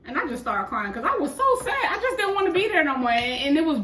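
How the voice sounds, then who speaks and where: A woman co-hosting a podcast, telling a personal story in a casual, animated way and acting out what others said. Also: high voice, fast, noisy background. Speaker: podcast co-host. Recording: echoey room, mic at a distance.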